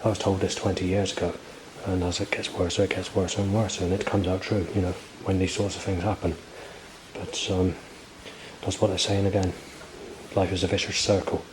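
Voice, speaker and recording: Agitated man in his forties, low voice. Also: flat delivery, moderate pace, background noise. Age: 40s. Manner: agitated, swearing, repetitive. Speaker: vlogger. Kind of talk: rambling spoken monologue.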